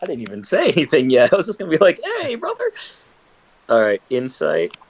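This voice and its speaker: A man's voice: medium pitch, fast talker. A man playing in a tabletop game, chatting casually in a playful way. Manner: very animated, playful. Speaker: player.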